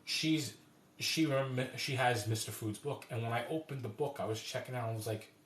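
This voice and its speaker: A man's voice: medium pitch, moderate pace. A man hosting a casual cooking live stream, rambling through stories with frequent restarts. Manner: rambling, restarts often, warm storytelling. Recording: roomy echoey room.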